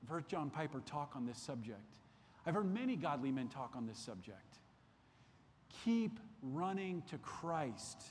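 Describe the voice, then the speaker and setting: A man's voice: medium pitch, big pitch swings, brisk, darkish tone, long reverb tail, slight background noise. A man teaching a Sunday school Bible lesson, earnest and repeating key phrases for emphasis. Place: church classroom.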